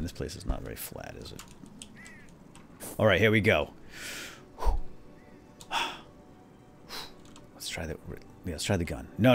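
A man hosting a let's play video, commenting on a boss fight with excited exclamations. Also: deep voice, vocal fry. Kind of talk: gameplay commentary.

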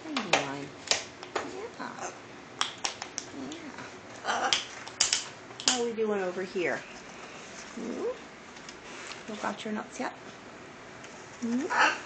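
Slow, sing-song woman coaxing her pet birds. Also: medium pitch, big pitch swings. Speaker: pet owner filming her parrots. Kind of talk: casual home video, talking to pets. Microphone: phone camera. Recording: phone recording with loud background noise.

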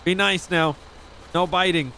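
Bright-voiced brash man, swearing freely. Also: high voice, steady tone, a little slow, a little hiss or hum. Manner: brash, profane, easygoing. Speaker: roleplay streamer playing a rich animal owner. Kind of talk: in-character roleplay chat.

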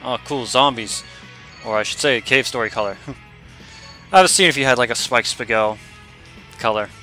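A man's voice: medium pitch, moderate pace, sharp tone, soft background music. A man giving casual, chatty commentary while playing a game, correcting himself as he goes. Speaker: gamer.

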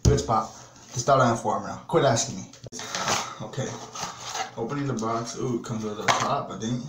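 In a casual product review vlog, a man with a mid-range voice rants at a moderate pace, rambling, swearing, and sounding exasperated. He's in a small home bathroom, and the recording is echoey with background noise.

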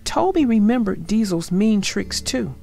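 A woman reading a children's story aloud with an expressive, gentle storybook delivery. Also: medium pitch, measured pace, gravelly, soft background music.

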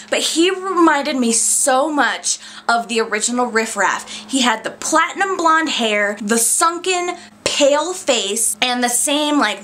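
Young female vlogger, slightly high, animated and gushing, casual review delivery. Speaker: YouTube reviewer. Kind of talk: casual chat.

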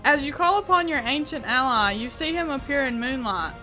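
A woman's voice: high voice, lively intonation, brisk, pushed and bright, faint music behind. A woman gaming YouTuber reading a text adventure aloud and reacting with frequent laughter, swearing and exclamations of disbelief.

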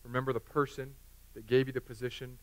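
A man's voice: medium pitch, level tone, quick pace. A pastor in his thirties preaching a sermon in a church, joking and conversational.

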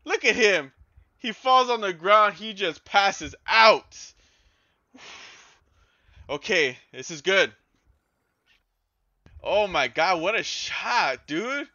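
A man commentating his own football video game as he plays, excitable and swearing, yelling at his players and groaning at their mistakes. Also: high voice, slow pace, pauses often, no room sound, highs cut off. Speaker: gaming YouTuber. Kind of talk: live gameplay commentary.

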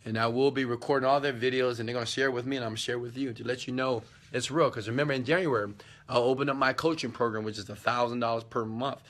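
A man's voice: medium pitch, fairly even intonation, fast talker, fairly bright tone. Chatty man live-streaming from a hotel room. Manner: loose and chatty, hype-driven. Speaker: online business coach. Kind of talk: casual live-stream chat. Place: hotel suite indoors.

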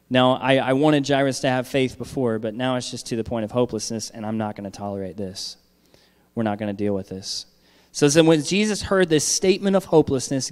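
A male pastor preaches in a relaxed, conversational way, often pausing to ask "all right?" to check in with his listeners. His voice sits at a middle pitch and carries a long reverb, as if it is filling a church hall. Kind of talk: sermon.

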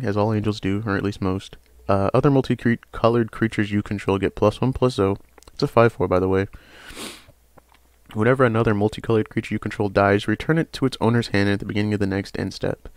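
A fairly low-pitched young man talks through trading cards in a loose, rambling way, often stopping on "uh" and then breaking into excited emphasis. The sound is dry and close, with no room around it. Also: creaky, no echo. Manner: rambling, chatty, hesitant with frequent uhs. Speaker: card game channel host. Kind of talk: casual card review.

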